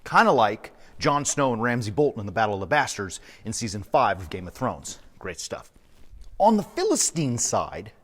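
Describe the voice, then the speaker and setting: Priest guy telling a story, lively ups and downs, long echo around him. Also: mid-range voice. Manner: animated, enthusiastic storyteller. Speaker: priest and podcast host. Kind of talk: storytelling sermon podcast. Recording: long echoey reverb.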